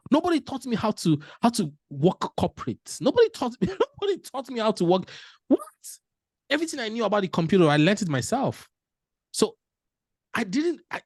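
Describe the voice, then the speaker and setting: A man, giving a motivational storytelling talk as a panel speaker, animated and laughing often as he acts out dialogue. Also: high-pitched, breathy edge, no echo, clean studio sound.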